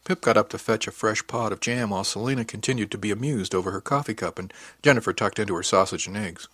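A young man narrating an audiobook in the first person at a steady, plain storytelling pace. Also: on the low side, quick pace, dry recording, studio quality.

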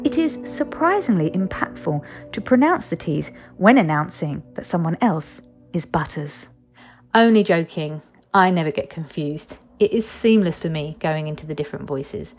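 A woman's voice: lowish voice, darkish tone. A woman, reading her own personal essay in a candid, wry, conversational way. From East London, England.

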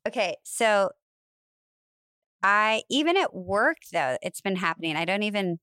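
A woman's voice: mid-range voice, lively intonation, measured pace, sharp tone, smooth, no room sound, studio quality. A woman co-hosting a podcast in casual chat, a chatty storyteller who laughs easily and says "like" often. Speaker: podcast co-host.

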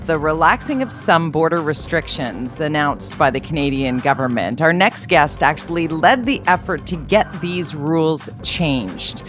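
A woman hosting a radio interview, talking quickly and conversationally with frequent restarts. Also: sits low, lively intonation, fairly bright tone, soft background music. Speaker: radio host.

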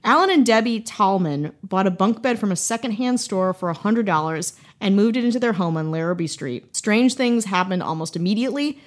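A woman's voice: medium pitch, lively intonation, brisk, few pauses. A young woman from Wisconsin hosting a podcast, telling a ghost story in casual chat with jokes and frequent laughs. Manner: playful, jokey, laughs often. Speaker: podcast host.

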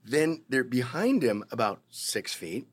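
A man's voice: mid-range voice, sing-song, a little slow, slight background noise. A middle-aged man from Canada, a guest in an interview, telling a wild anecdote with heavy swearing and acting out other people's voices. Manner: profane, vivid storyteller who acts out other people's voices. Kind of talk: animated anecdote in casual interview.

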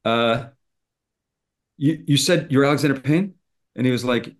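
A man's voice: mid-range voice, normal speed. A middle-aged man, a screenwriter, telling a story in conversation and acting out both sides of old phone calls. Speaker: screenwriter guest.

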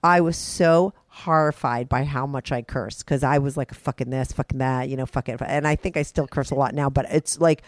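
A woman's voice: rumbling low, normal speed, hardly any pauses, no room sound. Frank, swearing woman podcast host. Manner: frank, swears freely, animated. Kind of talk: casual phone interview chat.

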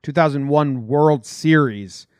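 A man's voice: on the high side, slow, clean tone, no echo, studio quality. A man co-hosting a podcast, chatting about sports in an easygoing, laid-back way. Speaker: podcast co-host. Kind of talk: casual sports chat.

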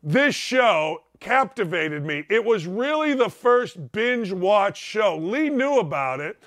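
A man hosting a show from his home, speaking in a high, bright register. His casual monologue is emphatic, full of repeated lines and asides to "ladies and gentlemen." The sound is dry and close, with no room echo. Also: big pitch swings, takes it slowly. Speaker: show host.

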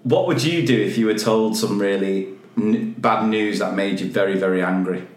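A man's voice: on the low side, moderate pace, echoey room. A man co-hosting a casual podcast, telling stories and reading out odd news headlines with a joking manner. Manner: jokey, storytelling, reads news headlines aloud. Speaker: podcast co-host. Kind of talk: casual chat.

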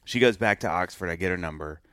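A man telling a story in a casual interview, animated and acting out voices of the people in it. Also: low-pitched, fast talker, dry recording, clean studio sound. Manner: animated, acts out voices of himself and others in his stories. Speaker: musician telling his love story.

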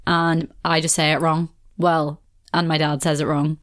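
Young Belfast woman, solo podcast host, lower voice, rambling and chatty. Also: level tone, unhurried. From Northern Ireland. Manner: chatty, rambling, laughs often, swears casually. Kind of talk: casual solo podcast chat.

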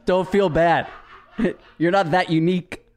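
A man's voice: high-pitched, fairly even intonation, measured pace. A man chatting as a podcast guest, ranting and mocking with plenty of swearing. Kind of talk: casual chat.

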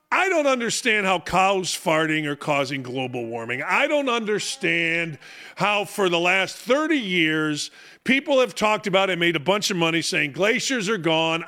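A man's voice: high voice, gravelly, sharp tone. A middle-aged man hosting a sports talk show, ranting in an opinionated monologue, mocking himself and hammering rhetorical questions.

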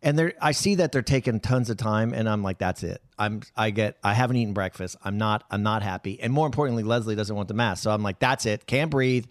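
A man's voice: on the low side, fast talker, few pauses, no room sound. A man co-hosting a casual talk show, complaining with comic indignation about a day on set. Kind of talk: casual chat.

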